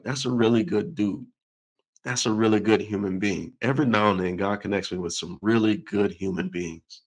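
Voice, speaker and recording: A man hosting an interview, telling a story in a lively, conversational way and acting out the quoted voices. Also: lowish voice, poor audio. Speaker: podcast host.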